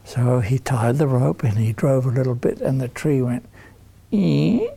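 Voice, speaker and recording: A man telling a story to children in an animated way, putting questions to them. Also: mid-range voice, normal speed, husky.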